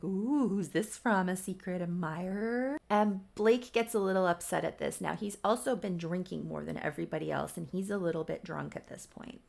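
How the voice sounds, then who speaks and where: Woman chatting through a story recap, kinda low voice with lots of vocal fry. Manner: chatty retelling with quick asides. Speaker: channel host.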